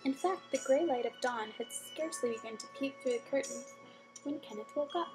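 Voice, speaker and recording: A woman reading a bedtime story aloud with gentle expression and soft whispered asides. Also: high-pitched, a little fast, music in the background, rough recording.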